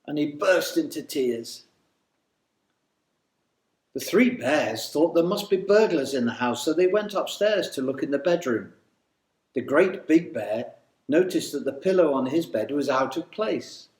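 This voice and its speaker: Male storyteller, storybook reading, slow, lively pitch, echoey room. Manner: slow, animated, sing-song.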